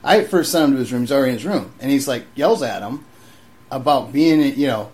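A man's voice: mid-range voice, lively intonation, fast, darkish tone. A young man in casual chat, profane and loose, stumbling over restarts as he tells a story. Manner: loose, profane, restarts often and acts out voices in anecdotes.

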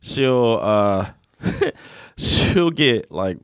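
A man's voice: fairly low pitch, sing-song, drawn-out words, smooth, no room sound, clean studio sound. A man in casual conversation, talking bluntly and emphatically with frequent swearing. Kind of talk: casual chat.

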